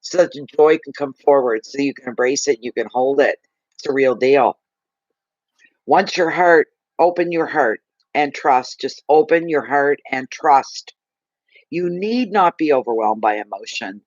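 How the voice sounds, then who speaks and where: A man giving a live tarot card reading, gushing and emotional, slow and soothing. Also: medium pitch, no echo, muffled recording.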